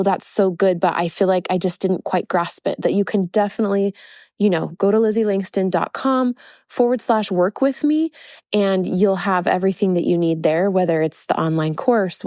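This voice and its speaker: A woman's voice: lowish voice, darkish tone, no echo, clean studio sound. Chatty woman coaching podcast host. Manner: earnest, chatty, many fillers and self-corrections. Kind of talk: casual teaching monologue.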